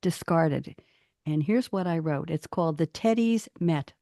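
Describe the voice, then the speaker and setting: Animated woman reading poems aloud. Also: unhurried, no echo, studio quality. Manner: animated, rising pitch on emphatic phrases. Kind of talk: casual chat and poetry reading.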